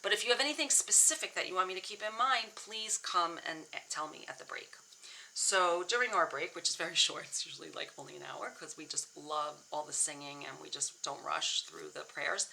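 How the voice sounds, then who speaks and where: A woman's voice: deep voice, brisk, gravelly, bright, forceful tone, rough recording. A middle-aged woman therapist sharing a personal story, speaking candidly and earnestly with frequent restarts, emotional at times. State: emotional, near tears. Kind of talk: personal reflective talk.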